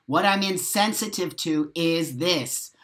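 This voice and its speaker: A man's voice: a little high, slow pace, a bit bright. Heated, swearing man ranting on a live stream. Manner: heated, emphatic, profane, talks straight to viewers. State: over-caffeinated and short on sleep. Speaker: live-stream host reading viewer comments. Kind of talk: casual live-stream rant.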